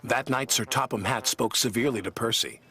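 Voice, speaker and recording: A man narrating a children's story in an expressive way. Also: medium pitch, a little fast. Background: music.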